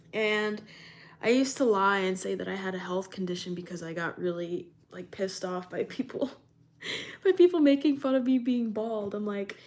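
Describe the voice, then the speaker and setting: Chatty, laughing young woman streamer. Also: medium pitch. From New York. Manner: animated, laughs often, chatty. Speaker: streamer reading live chat. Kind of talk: casual live-stream chat.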